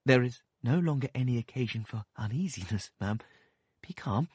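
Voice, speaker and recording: A meek, mild-mannered doctor, as a man reads him, soft and placating, forever trying to calm people. The voice is a touch husky and sits close to the microphone with no room sound. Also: mid-range voice, moderate pace, no echo, voice pushed up. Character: mild meek male country doctor, timid and soothing. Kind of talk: audiobook character voice.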